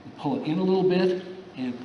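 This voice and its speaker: A man's voice: high voice, a little fast, dull audio. Man coaching judo in an echoey gym. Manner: loose, repetitive coaching talk with frequent "okay?" checks. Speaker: judo instructor. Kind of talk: teaching a grappling class. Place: gym mat room. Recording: echoey room from far off with faint hiss.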